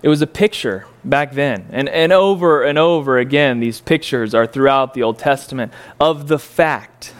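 A man teaching a Bible story in a casual, conversational way, full of rhetorical questions and fillers, swinging from incredulous highs to quiet reflection. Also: moderate pace, few pauses.

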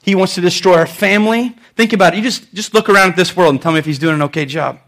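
A man's voice: high voice, fast, fairly bright tone. A male pastor delivering a sermon in an emphatic, conversational way, repeating words for effect.

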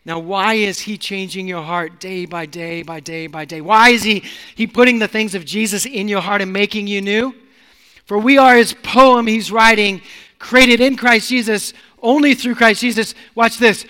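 A male pastor preaching a sermon in a church, emphatic and swinging from loud to hushed. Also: extremely high pitch, big-room sound.

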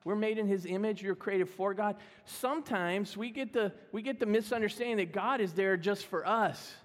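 A middle-aged pastor delivers a sermon in a casual, self-deprecating way, joking with the congregation. His voice sits notably high, and it rings out with the long reverb of a church sanctuary. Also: moderate pace. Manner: humorous, self-deprecating, conversational.

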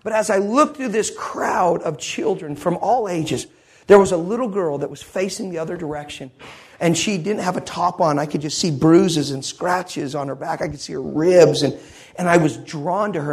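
A man delivers a sermon in an impassioned storytelling manner. His voice sits high for a man and has a husky edge to it. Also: darkish tone. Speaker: preacher.

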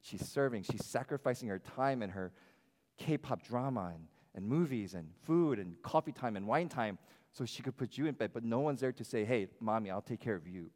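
Pastor man preaching, animated, voice trailing in a long reverb hall. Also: medium pitch, moderate pace. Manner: animated, varies loudness, acts out quoted voices. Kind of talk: sermon. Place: church sanctuary.

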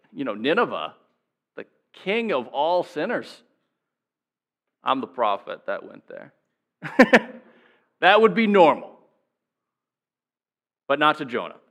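A man's voice: mid-range voice, fairly bright tone, lo-fi sound. A man preaching a sermon in a conversational way, chuckling now and then and voicing the people he quotes. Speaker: pastor.

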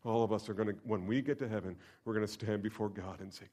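A man preaching a sermon to his congregation, swinging between loud emphatic bursts and hushed near-whispers and leading them in call-and-response. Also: fairly low pitch, fairly even intonation, fast talker, husky. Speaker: pastor. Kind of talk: expository sermon.

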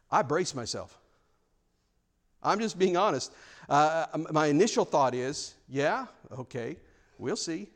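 A male pastor preaching a sermon in an earnest, frank way, often repeating words as he presses a point. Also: fairly high pitch.

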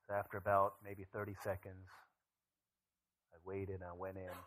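A man in his thirties, a pastor preaching a sermon, telling stories and moving from animated asides to a soft, hushed voice. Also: sits low, normal speed, poor audio. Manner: storytelling, animated then dropping to a soft hushed voice.

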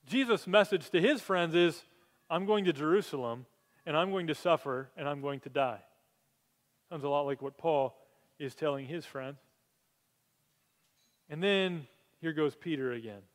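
A man preaching a sermon, telling stories with animated energy that climbs to excited peaks. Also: on the high side. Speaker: pastor. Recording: long hall reverb.

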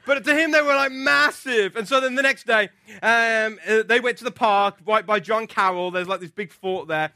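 A man preaching a sermon, telling a personal story in an animated, lively way. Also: high-pitched, normal speed, dry recording, clean studio sound. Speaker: pastor.

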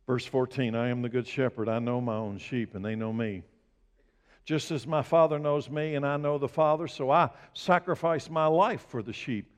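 A male pastor preaching a sermon, asking his congregation direct questions and building to emphatic, loud bursts. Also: mid-range voice. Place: church sanctuary. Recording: long reverb of a large hall.

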